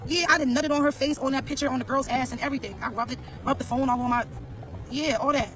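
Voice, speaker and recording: A man's voice: very high-pitched, steady tone, fast, a bit bright, rough recording. A man telling a casual storytime rant to his viewers, blunt, profane and slangy, repeating phrases as he talks. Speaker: vlogger.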